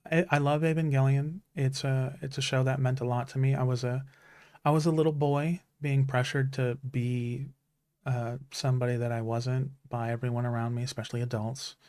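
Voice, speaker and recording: A man's voice: mid-range voice, flat delivery, moderate pace, a little mellow, smooth, no room sound. A man in his thirties, a streamer, talking in an earnest, heartfelt way about stories that matter to him, with many restarts. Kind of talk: casual chat.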